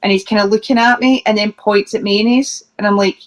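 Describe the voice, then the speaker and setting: Scottish woman, mid-pitched, chatty interview guest, laughs through her anecdotes. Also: fairly even intonation, brisk. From Scotland. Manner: chatty, laughing, restarts and fillers while telling funny stories. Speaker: professional wrestler, interview guest. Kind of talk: casual anecdote telling.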